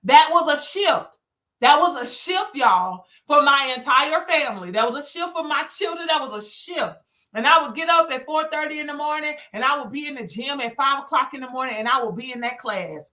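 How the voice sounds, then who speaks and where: Woman, 30s; high, bright, punchy motivational storyteller who talks straight to "y'all.". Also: expressive, brisk. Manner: emphatic, repeats phrases, addresses listeners as y'all. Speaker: business coach and speaker. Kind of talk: motivational testimony to viewers.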